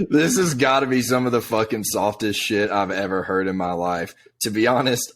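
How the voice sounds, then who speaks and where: A man's voice: lowish voice, creaky, fairly bright tone. A young man co-hosting a music review podcast, bluntly mocking songs with swearing and laughter. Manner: blunt, profane, mocking, laughs while talking. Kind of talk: casual chat.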